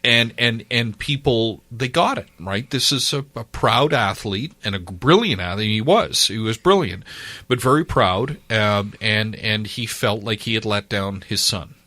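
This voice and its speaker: A middle-aged Canadian man telling animated anecdotes casually as a podcast guest, acting out dialogue. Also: on the low side, unhurried, no room sound. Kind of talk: casual storytelling.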